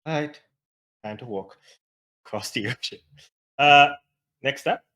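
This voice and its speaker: A man's voice: medium pitch, unhurried, bright, forceful tone. Hesitant playful man at the game table. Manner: hesitant, many fillers, playful. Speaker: player. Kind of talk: playing a duet tabletop game.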